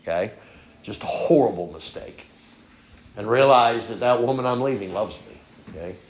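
A man preaching a sermon in a folksy storytelling way, peppering his points with "okay?" and swinging from soft asides to loud emphatic lines. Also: lowish voice, expressive, moderate pace. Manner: folksy storytelling, frequent "okay?" tag questions. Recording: echoey room.

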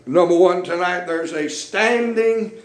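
High-voiced preacher, echoey church. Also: male voice, unhurried. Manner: folksy preaching that swells into shouted peaks. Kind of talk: revival sermon.

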